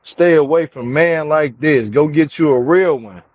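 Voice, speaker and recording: In a dull, dry, lo-fi home recording, a young man with a fairly high, unhurried voice gives casual reality TV commentary. Speaking to his viewers in slang, he keeps repeating himself for emphasis as his anger builds.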